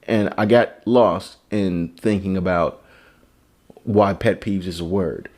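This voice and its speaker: A man's voice: low-pitched, takes it slowly, darkish tone. A man hosting his own comedy podcast, talking in a rambling, profane, joking monologue. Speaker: podcast host.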